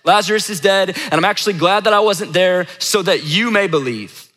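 A man's voice: sits high, fairly quick, fairly bright tone, pitched above the performer's own voice. A man voicing a frank male teacher who casually and bluntly breaks bad news, correcting himself as he goes. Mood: apologetic. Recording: echoey hall reverb.

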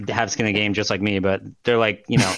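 Casual, fast-rambling man, low and dry. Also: level tone, a bit bright, no room sound. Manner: loose, rambling, swears and laughs often. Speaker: podcast co-host. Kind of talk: casual chat.

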